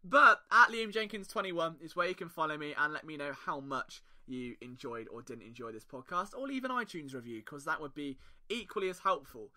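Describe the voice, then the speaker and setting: A man's voice: a little high, expressive, fairly quick, pushed and bright. A young English man with an English accent, hosting a solo sports podcast in a playful, jokey, sing-song way. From England. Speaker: podcast host.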